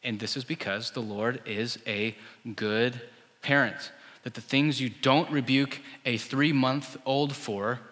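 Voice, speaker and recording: A man's voice: medium pitch, fairly bright tone. A male pastor giving a sermon in a conversational style, full of rhetorical questions. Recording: church hall with long reverb.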